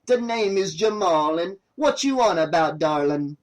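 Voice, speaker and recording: A man's voice: high voice, expressive, measured pace. A man voicing a laid-back stoner cameraman who puts on an overdone mock Jamaican accent and teases lazily. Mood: teasing. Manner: lazy, teasing, says "darling".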